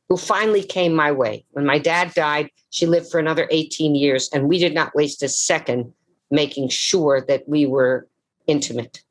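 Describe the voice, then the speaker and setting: Theatrical older woman telling stories. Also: low-pitched. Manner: theatrical, dramatic storyteller. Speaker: guest actress and author. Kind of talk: live storytelling interview. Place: live event before an audience.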